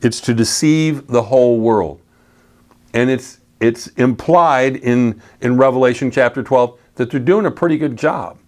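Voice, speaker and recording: A man's voice: medium pitch, a little slow, darkish tone. Casual, plain-spoken male preacher. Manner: casual and plain-spoken, reading scripture aloud then explaining. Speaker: pastor. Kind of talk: conversational sermon.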